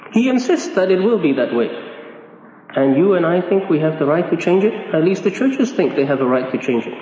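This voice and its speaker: A man's voice: high-pitched, a little mellow, slight background noise. A man preaching a sermon in a conversational, emphatic way, repeating key phrases. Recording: echoey hall, dull sound.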